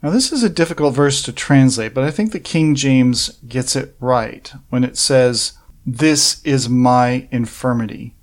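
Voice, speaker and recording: A man preaching a sermon, working through a psalm verse by verse in an earnest, measured way and asking rhetorical questions. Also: mid-range voice, animated.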